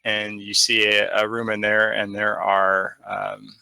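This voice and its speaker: Man, dungeon master, loose hesitant narration, bright tone, dry close mic. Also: on the low side, completely flat delivery, unhurried, creaky, clear, resonant tone, dry recording. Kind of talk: narrating a tabletop game.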